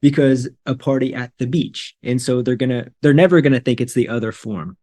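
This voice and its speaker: An American man hosts an interview with a medium-pitched voice. He talks in a clear, encouraging, teacherly way and carefully models how words are pronounced. He sounds like he is on a casual video call. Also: a little fast, dark tone. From United States. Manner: friendly and encouraging, models pronunciation. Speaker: interview host, English teacher.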